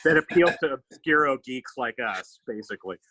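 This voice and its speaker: A man hosting a podcast, riffing on a movie in an animated, swearing, casual chat. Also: mid-range voice, moderate pace, poor audio. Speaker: podcast host.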